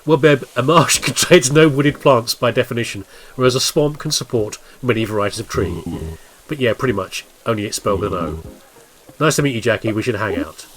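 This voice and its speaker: A man's voice: medium pitch, a little fast, a little hiss or hum, close to an everyday voice, poor audio. A man voicing a creepy, odd male swamp-creature coworker in a game, with a funny put-on drawl and a pedantic manner.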